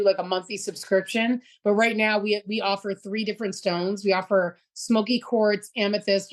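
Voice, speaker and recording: A woman at an ordinary middle pitch chats as a guest in an interview. She runs her stories together with plenty of fillers, sounding lively and open. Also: rough recording. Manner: lively, storytelling with many "like" and "you know". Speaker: co-founder, guest. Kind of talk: casual interview chat.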